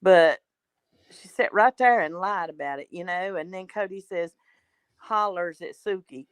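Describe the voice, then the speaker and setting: A woman's voice: on the low side, measured pace, clean tone, dry recording. A woman calling in to a talk show who chats casually and rambles, tacking on fillers like "kind of thing and stuff.". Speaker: regular caller. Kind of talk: casual chat.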